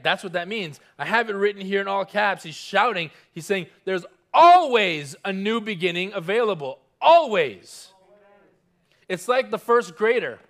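A man preaching a sermon, earnest and emphatic, repeating key phrases and slowing down when he reads scripture. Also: sits high, creaky, fairly bright tone. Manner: earnest, emphatic preaching with repetition and audience call-and-response; slows down on scripture, stressing single words. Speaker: pastor.

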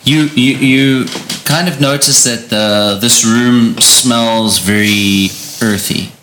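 A man running a tabletop horror game as game master, describing scenes in a halting way and often repeating words as he goes. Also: medium pitch, fairly bright tone, slight background noise.

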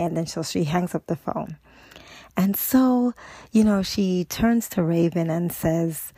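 A woman's voice: fairly low pitch, fairly even intonation, slow pace, mellow, dry recording. A woman podcast host casually retelling a TV episode, rambling with lots of "and so" and "you know".

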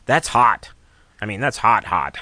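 A man's voice: on the low side, sing-song, a little slow, sharp tone, no echo. A man hosting a radio talk show, chatting casually and telling rambling jokes. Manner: rambling, joking storyteller. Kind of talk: casual on-air chat.

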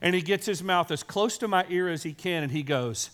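A man's voice: high voice, brisk, fairly bright tone. A man, a pastor, giving a sermon in a chatty storytelling way, often checking in with the listeners. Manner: conversational storytelling with frequent "right?" asides; addresses children in the congregation.

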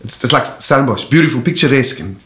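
A man's voice: medium pitch, fast talker. A male comedian with a South African accent, a guest on a casual podcast, telling stories with slang and frequent laughter. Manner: animated storyteller, laughing often, slangy. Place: host's house. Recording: roomy echo in a home.

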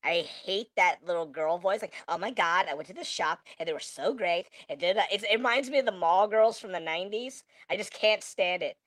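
A man's voice: sits high, a little fast, few pauses, fairly bright tone, no echo, pitched above the performer's own voice. A man talking through a voice changer set to a girl voice, exasperated and repeating himself in a casual podcast chat. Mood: ranting. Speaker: podcast host.

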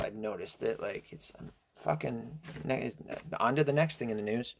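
A man's voice: mid-range voice, moderate pace, gravelly, slight background noise. A man giving a casual, indignant opinion monologue, rambling and hesitant with many fillers, restarts and swearing. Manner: profane and indignant. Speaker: political commentator.

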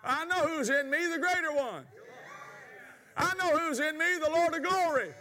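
High, bright-voiced preacher. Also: male voice, moderate pace, a little hiss or hum. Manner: storytelling, shouting exclamations, preaching cadence. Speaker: pastor. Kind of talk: sermon. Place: church sanctuary.

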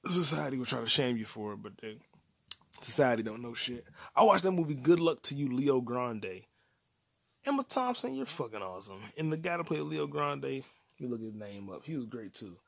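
A man's voice: medium pitch, sing-song, normal speed, creaky, no room sound. A man in his late twenties hosting his own podcast alone, rambling casually in a loose, profane, slang-heavy way. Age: 20s. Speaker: podcast host. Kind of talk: casual solo podcast rant.

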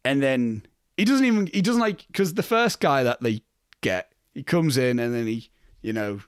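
A man's voice: medium pitch, expressive, moderate pace, smooth, no echo, clean studio sound. A young man co-hosting a casual film podcast, swearing freely and laughing as he talks. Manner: swearing, laughing, acting out characters' lines. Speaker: podcast co-host.

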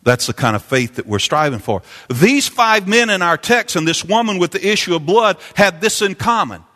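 Impassioned preacher in a reverberant hall. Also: male voice, high-pitched, animated, moderate pace, bright, forceful tone. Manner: impassioned, repetitive, rising to sung peaks. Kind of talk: sermon.

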